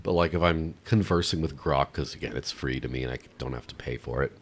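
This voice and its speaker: A man's voice: a bass voice, a little fast, slight background noise. A man co-hosting a podcast in casual chat, blunt and irreverent with mild exasperation. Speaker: podcast co-host.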